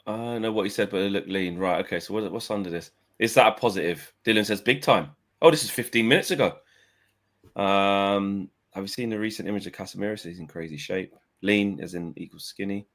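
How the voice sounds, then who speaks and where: A man's voice: fairly low pitch, a little fast, a bit bright. A man co-hosting a casual fan podcast, bantering and reading messages aloud.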